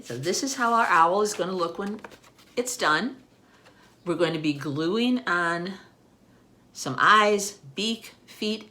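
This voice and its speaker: A woman librarian reading a storybook to children and then explaining a craft, gently checking in with "okay?" as she goes. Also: medium pitch.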